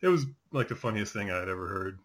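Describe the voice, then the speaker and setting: A man's voice: fairly low pitch, expressive, fast, a bit bright. A man in his forties chatting casually as a host, telling rambling stories with many fillers. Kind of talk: casual chat.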